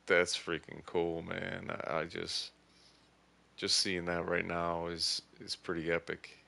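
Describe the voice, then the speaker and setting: A man giving casual, excitable gaming commentary, thinking aloud as he plays. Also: low-pitched, slow pace, creaky, a little hiss or hum. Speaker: gaming streamer.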